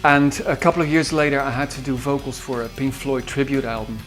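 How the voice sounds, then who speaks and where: A man's voice: mid-range voice, steady tone, a little fast, fairly bright tone. A man with a Dutch accent, a composer recalling his singers in an interview, hesitant with many fillers and restarts. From Netherlands. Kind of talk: interview reminiscence. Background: faint guitar music.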